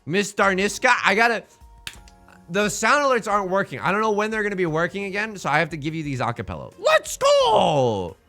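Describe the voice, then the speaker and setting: A man streaming a game and chatting casually with his viewers in a playful, self-mocking way. His voice sits slightly high and sounds bright and forceful, with wide, lively swings in pitch. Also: fast talker, faint music behind. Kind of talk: casual live-stream gaming commentary.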